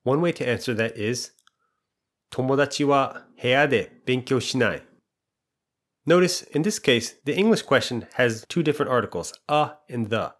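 In a calm lesson on language, a man at an ordinary middle pitch explains each point clearly and at an even pace. He breaks off to ask quiz questions, then patiently takes the answers step by step.

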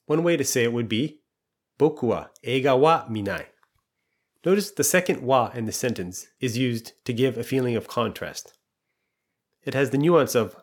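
A man teaching a language lesson in a calm, even-paced way, laying out each point clearly. His voice sits at an ordinary middle pitch, and he pauses to ask quiz questions before walking through the answers. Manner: patient, clear step-by-step explanations with quiz questions.

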